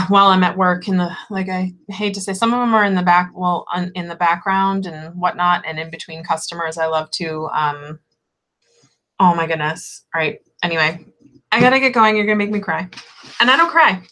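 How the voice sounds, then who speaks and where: A woman's voice: fairly low pitch, fairly bright tone. A woman shop owner chatting casually on a tarot livestream, rambling and giggly, with lots of fillers.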